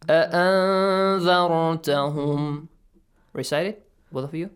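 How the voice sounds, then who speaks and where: A man's voice: medium pitch, lively intonation, moderate pace. Patient, encouraging recitation teacher, man. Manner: patient, encouraging, explains and models sounds. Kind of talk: radio lesson, coaching students.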